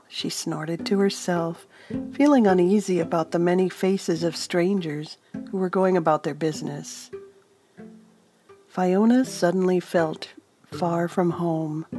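Slow, calm woman storyteller. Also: on the low side. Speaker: narrator. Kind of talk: storybook audiobook narration. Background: soft instrumental music.

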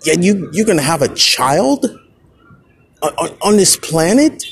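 A man hosting his own podcast, telling stories in a casual solo monologue, swinging between low mutters and heated outbursts. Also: huge pitch swings, unhurried, breathy edge. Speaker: podcast host.

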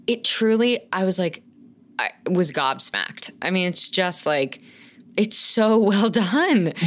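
A woman in her thirties co-hosting a podcast, rambling and gushing in casual chat and swearing freely. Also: on the low side. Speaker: podcast co-host.

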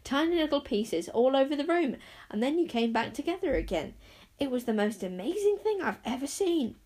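A woman voicing an excitable young boy in a storybook, speaking in a loud, eager way. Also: fairly high pitch, moderate pace. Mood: thrilled.

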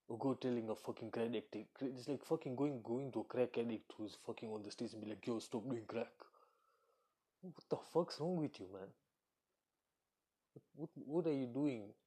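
A man's voice: medium pitch, moderate pace, mellow, husky. Blunt, profane man ranting casually. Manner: acts out quoted voices. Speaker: commentator. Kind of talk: casual monologue.

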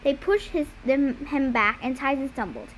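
A woman with a high-pitched voice reads a novel aloud at a moderate pace, amateur-audiobook style. She raises her voice for dialogue and occasionally stumbles and restarts words. The audio is poor, with a little hiss or hum.

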